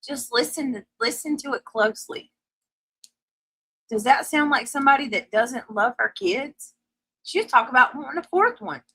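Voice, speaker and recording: A woman's voice: sits high, animated, normal speed, sharp tone, breathy edge, no echo. A woman hosting a casual livestream chat, emotional and frank, swearing when flustered. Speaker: livestream host.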